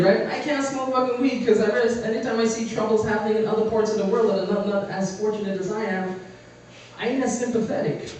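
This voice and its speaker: A man with a high, light voice works a small comedy club crowd, brash and profane. He slips into quick character voices between punchlines. The sound is very echoey and the mic sits far from him. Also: darkish tone, a little hiss or hum. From Caribbean. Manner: brash, profane, acts out voices mid-joke. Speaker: stand-up comedian. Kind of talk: stand-up comedy set. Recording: echoey room, mic heard from afar.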